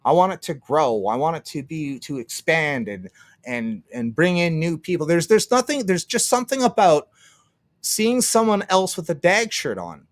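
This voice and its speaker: At a normal speed and with a sing-song lilt, a Canadian man's fairly high voice hosts a casual livestream with no room sound. He rambles, curses, laughs a lot, and acts out quotes from others.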